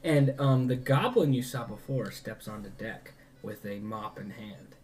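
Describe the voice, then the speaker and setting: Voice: mid-range voice, measured pace, darkish tone. A game master narrating a tabletop game with a rambling, filler-heavy delivery. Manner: rambling, many "like" and "um".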